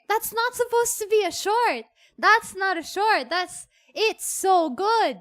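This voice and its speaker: Brief: high-pitched woman streamer, excitable and gushing, chatty and repetitive. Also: slow pace, soft background music. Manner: excitable, gushing, repeats herself. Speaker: VTuber streamer. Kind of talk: casual livestream chat.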